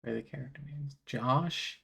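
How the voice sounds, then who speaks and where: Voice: mid-range voice, moderate pace, gravelly, sharp tone, breathy edge. A co-host of a live stream chatting casually, joking and often laughing. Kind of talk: casual chat.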